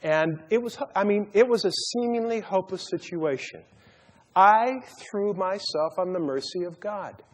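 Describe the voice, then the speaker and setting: Speaking in a high voice at a measured pace, this man leads a Bible study sermon full of stories and jokes. He often stammers and repeats words along the way, and the audio has a long hall reverb.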